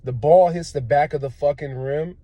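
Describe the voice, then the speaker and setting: A man ranting casually and profanely about his team's loss, swinging between low groans and loud outbursts. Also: moderate pace, no echo. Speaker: sports fan vlogger. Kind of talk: casual rant.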